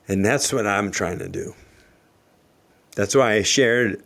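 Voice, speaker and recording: An earnest man hosting a motivational podcast, speaking in a fairly low voice. He reads quotes slowly and reflects on them with open emotion, in a heartfelt, personal way. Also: creaky. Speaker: podcast host. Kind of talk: solo motivational podcast talk.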